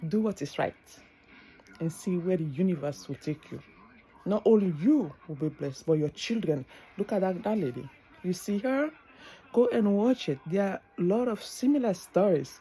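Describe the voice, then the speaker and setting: Woman, middle-aged, tearful, earnest, preachy, husky, mellow tone. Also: on the low side, expressive, moderate pace, rough recording. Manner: earnest, preachy, repeats phrases for emphasis. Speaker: vlogger. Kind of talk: heartfelt advice monologue.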